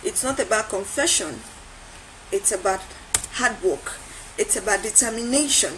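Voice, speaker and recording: A woman's voice: medium pitch, animated, moderate pace, background noise. A woman giving a motivational talk, driving her points home with emphatic, repeated, preacher-like build-ups. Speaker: motivational speaker.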